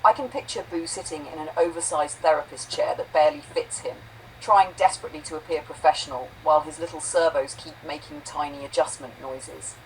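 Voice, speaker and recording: A woman's voice: low voice, fairly quick, far from the mic, a little hiss or hum, low-quality recording. A synthetic-sounding woman brainstorming comedy ideas in a conversational tone and reading quotation marks aloud. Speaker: AI conversation partner.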